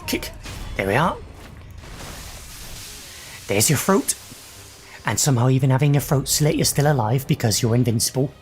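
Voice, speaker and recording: A man's voice: medium pitch, lively intonation, normal speed, pauses often, faint music behind. A young adult man casually commentating his own gameplay, swearing and reacting aloud as he fights. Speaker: gaming channel host.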